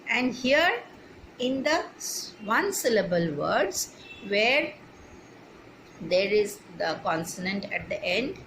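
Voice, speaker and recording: Slow, spelling-out woman teacher. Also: medium pitch, big pitch swings, a bit bright, slight background noise, rough recording. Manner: slow, spells words out letter by letter. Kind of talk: English grammar lesson for children.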